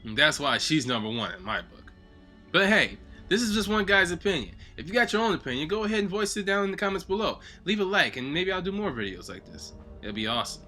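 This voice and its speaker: A man hosting a gaming video, giving an excitable, heavily profane casual ranking commentary. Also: high voice, fast, faint music behind. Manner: acts out game lines in loud bursts.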